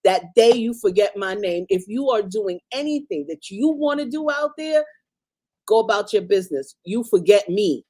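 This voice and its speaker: A woman's voice: medium pitch, expressive, moderate pace, darkish tone. A woman who is a mother, co-hosting a casual commentary show and talking in a blunt, emphatic way. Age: adult parent. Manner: emphatic, blunt street talk. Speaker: co-host.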